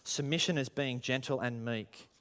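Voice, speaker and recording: A man preaching a sermon, animated and full of rhetorical questions, acting out quoted voices. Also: medium pitch, normal speed. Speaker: pastor.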